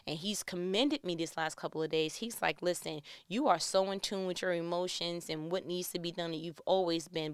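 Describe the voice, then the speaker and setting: Earnest low-voiced woman, smooth and dry. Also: no room sound. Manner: earnest, builds to loud animated emphasis with laughter. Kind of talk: reflective motivational talk.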